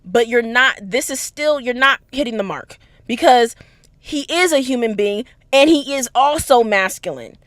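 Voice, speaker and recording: Animated woman giving casual commentary. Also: fairly high pitch, normal speed, no room sound, studio quality. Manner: animated, conversational, slangy. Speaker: anime commentator. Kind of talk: casual analysis monologue.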